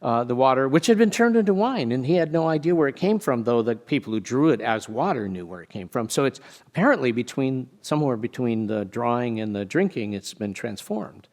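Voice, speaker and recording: A man preaching a sermon in an easygoing, conversational way. His voice sits at a middle pitch, and he tells his points like stories, with casual asides. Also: a little fast. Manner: conversational, storytelling with animated joke voices. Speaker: pastor.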